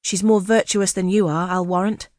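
A woman voicing a gentle, low-voiced woman traveller. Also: steady tone, moderate pace, dry recording, clean studio sound, lightly acted. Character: grave, kindly woman coach passenger.

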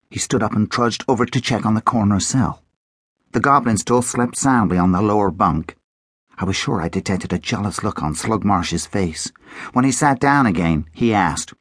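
A man narrating a children's adventure audiobook in the first person, expressive and animated. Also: lowish voice, normal speed, slightly rough, no room sound, studio quality.

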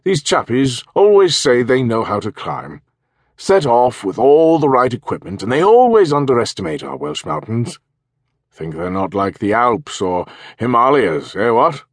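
A man's voice: medium pitch, big pitch swings, a little slow, no room sound, studio quality, pitched above the performer's own voice. A man voicing a pompous, patronizing hotel manager and former major, with a throaty upper-class English accent.

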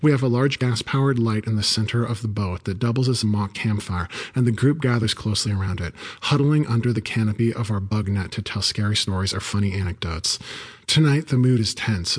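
A man reading a first-person story aloud as an audiobook narrator, in a wry, even storytelling manner. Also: on the low side, breathy edge.

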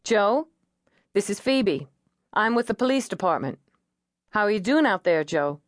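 A woman reading an audiobook voices a steady female police negotiator, calm and coaxing. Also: medium pitch, measured pace, no echo, clean studio sound, close to an everyday voice.

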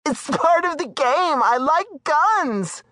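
A man's voice: extremely high pitch, lively intonation, slow pace, sharp tone, no room sound, studio quality, voice pushed up, full character voice. A man voicing a frantic, desperate woman. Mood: pleading. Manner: frantic, pleading. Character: panicked woman caught cheating, desperate, bossy.

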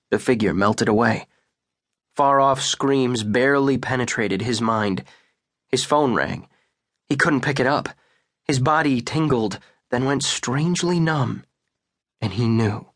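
Man narrating an audiobook slowly. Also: medium pitch, fairly bright tone, no echo, studio quality. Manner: measured, deliberate delivery. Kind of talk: scripted narration.

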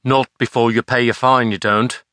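A man's voice: mid-range voice, level tone, moderate pace, sharp tone, no echo, studio quality, natural voice. A male audiobook narrator voicing a harsh, growling customs collector who bullies traders.

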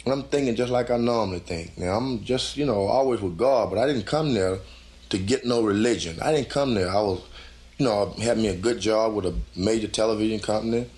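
A man giving a live spoken testimony in folksy, loose conversational phrasing, acting out his own inner voice by going higher and louder. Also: brisk.

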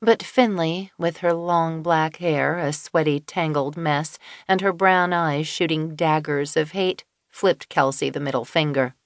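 A woman narrating an audiobook in a measured way, with dry inner asides. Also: deep voice, dry recording. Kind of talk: scripted narration. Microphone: close studio mic.

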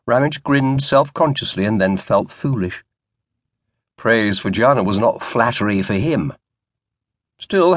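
A man narrating a historical novel audiobook in a measured, wry storytelling manner. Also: medium pitch, fairly bright tone, no room sound.

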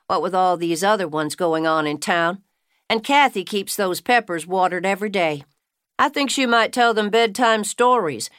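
A woman narrator voicing a playful, gossipy woman who talks up a bit louder and higher than the narration. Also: clear, resonant tone, no echo, studio quality, close to an everyday voice. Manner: playful, teasing, louder and livelier. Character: teasing Southern woman customer, gossipy and warm.

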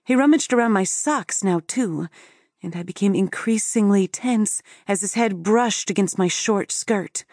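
A woman's voice: medium pitch, a little slow, a little mellow, no echo, clean studio sound. A woman narrating a first-person story for an audiobook in an intimate storytelling manner.

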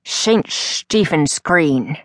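A woman voicing a male Irish carriage driver who speaks in a lilting brogue with a lisp, in a slow tour-guide way. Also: on the high side, expressive, no room sound, clean studio sound. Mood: informative.

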